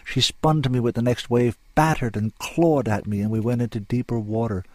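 A man's voice: mid-range voice, fairly even intonation, brisk, dry recording. A man reading a dramatic story aloud in an intense, lyrical, sombre manner. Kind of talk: scripted story narration.

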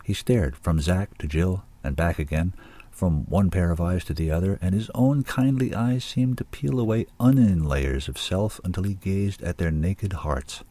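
Deep, husky male audiobook narrator. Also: moderate pace, mellow.

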